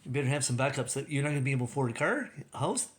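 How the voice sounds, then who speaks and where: A man's voice: medium pitch, expressive, very fast. A man hosting a livestream, talking in a rambling, casual way with many restarts and laughing at his own jokes. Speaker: livestream host.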